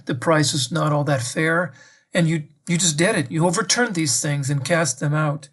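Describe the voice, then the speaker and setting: Man, slightly higher voice, prayerful meditation, reflective, questioning, speaks to the Lord. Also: fairly bright tone. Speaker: priest giving a meditation.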